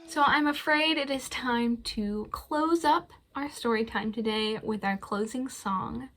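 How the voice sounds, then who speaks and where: This is a woman leading a children's library storytime, seated in front of a camera. Her voice sits a little high and she takes her time, shaping every line in a gentle sing-song. She leads rhymes and animal-sound games for young listeners. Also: a little slow, a little hiss or hum. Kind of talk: reading aloud and leading songs for young children.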